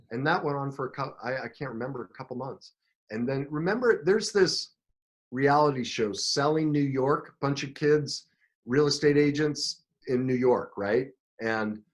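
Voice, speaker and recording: A middle-aged man, a coach and podcast guest, telling his own story in an emotional, animated way, with frequent restarts. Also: mid-range voice. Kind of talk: storytelling interview talk.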